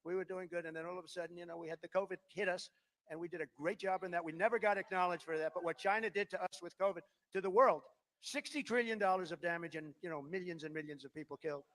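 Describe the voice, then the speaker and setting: A man in his seventies delivering a rambling, boastful off-the-cuff speech to a rally crowd, swinging between loud declarations and muttered asides. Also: high-pitched, fast. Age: 70s. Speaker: politician at a rally.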